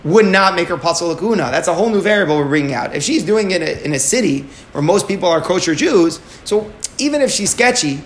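A man teaching a Talmud lesson, explaining step by step and asking and answering his own questions, with Aramaic and Hebrew terms mixed in. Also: high voice.

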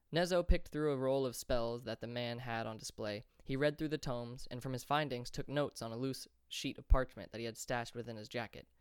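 A man reading a fantasy audiobook chapter as narrator, in a steady, measured way. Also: medium pitch, smooth, no room sound, clean studio sound.

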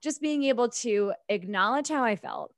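A woman co-hosting a podcast, telling a personal story in a casual, animated way with laughs and self-talk asides. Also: on the high side, normal speed, no echo, studio quality. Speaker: podcast co-host.

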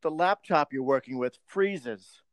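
A man's voice: fairly high pitch, animated, a little slow, no echo. A man co-hosting a podcast, telling a profane work story in casual chat.

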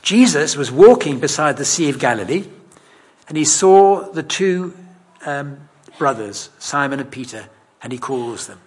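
Male preacher, conversational sermon, husky and fairly high-pitched. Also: animated, a little slow. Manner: conversational, self-deprecating, emphatic.

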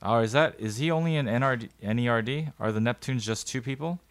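A man's voice: mid-range voice, fast, no room sound. A man in his thirties co-hosting a podcast in casual chat, playful and teasing, firing off questions. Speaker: podcast co-host.

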